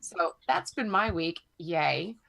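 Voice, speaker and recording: A woman in her thirties, hoarse from a cold, chatting as a podcast co-host and telling rambling, profane stories. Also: fairly low pitch, animated, slow, fairly bright tone. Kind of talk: casual chat.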